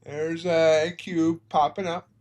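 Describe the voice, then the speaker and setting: A man with a slightly higher voice talks through a live trading stream. He sounds tired and chats in a loose, rambling way between market remarks. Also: measured pace. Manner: relaxed, rambling, yawning. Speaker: futures trading livestream host. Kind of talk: casual live-stream commentary.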